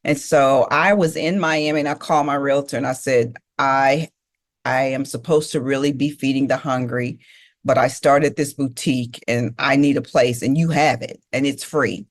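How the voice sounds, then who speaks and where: In her motivational speech, a middle-aged woman emphatically shares her life story, repeats key phrases, and speaks straight to the audience. She has a bass voice with fairly even intonation and a moderate pace.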